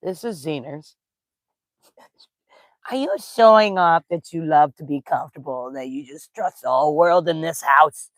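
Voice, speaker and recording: A woman's voice: low voice, normal speed, dry recording. A woman at home on the couch, chatting casually on camera and cooing affectionately at her dogs in baby talk. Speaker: spiritual teacher and vlogger.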